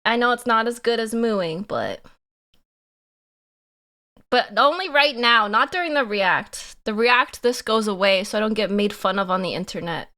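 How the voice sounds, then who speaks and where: A young woman streamer chatting casually with her viewers, giggly and animated, laughing often. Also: a little high, normal speed. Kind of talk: casual live-stream chat.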